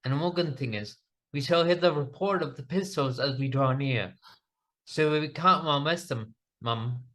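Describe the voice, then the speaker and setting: A man's voice: fairly high pitch, a little slow, a bit bright. A man playing an obliging young male servant, polite and deferential. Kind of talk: stage comedy acting.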